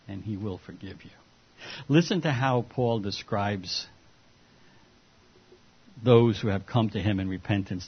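A man's voice: mid-range voice, slightly rough, highs cut off. A man preaching a sermon to his congregation and closing in prayer, earnest and pleading, his voice rising and dropping. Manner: earnest, pleading, wide swings in loudness. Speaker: pastor. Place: church.

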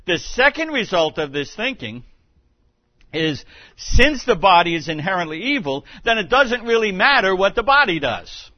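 A man preaching a sermon as pastor, teaching in a measured way with occasional restarts. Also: high voice, very animated, no room sound, muffled recording.

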